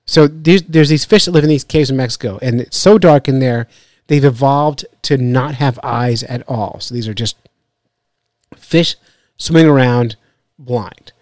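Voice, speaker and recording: A man hosts a podcast in a loose, rambling style, cracking jokes and laughing between thoughts. His voice sits at an ordinary middle pitch. The sound is dry and close, with no room around it. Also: a little slow, darkish tone, no room sound. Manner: joking, rambling, laughs often. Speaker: podcast host. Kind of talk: casual chat.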